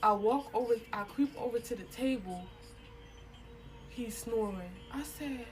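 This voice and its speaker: A young woman with a Philadelphia accent telling a personal story straight to viewers in casual slang, animated and cursing freely. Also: on the high side, moderate pace, a little hiss or hum, low-quality recording. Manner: animated and slangy, addresses viewers as "y'all", curses.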